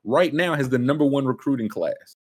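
A man hosting a casual sports talk show, animated and joking, jumping between thoughts. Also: medium pitch, brisk. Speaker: sports podcast host.

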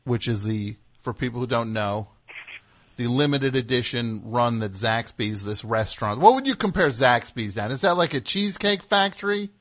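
A man's voice: medium pitch, expressive, normal speed, a bit bright. A man hosting a call-in comedy show, rambling and teasing with stammered restarts. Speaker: radio show host. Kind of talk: casual comedic chat.

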